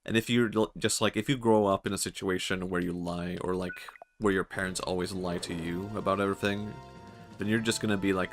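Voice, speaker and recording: A man's voice: sits low, steady tone, a little fast, faint music behind. A man with a Swedish accent, chatting casually and jokingly while streaming a game, often laughing. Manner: rambling, jokey, laughs often. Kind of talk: casual gameplay commentary.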